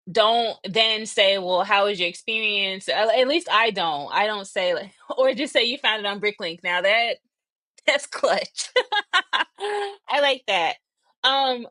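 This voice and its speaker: Young woman streamer, chatty and laughing, a bit breathy, dry close sound. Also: medium pitch, pushed and bright, no room sound. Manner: chatty, laughs often, thinks aloud; slightly breathy from asthma. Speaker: livestream host. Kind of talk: casual livestream chat.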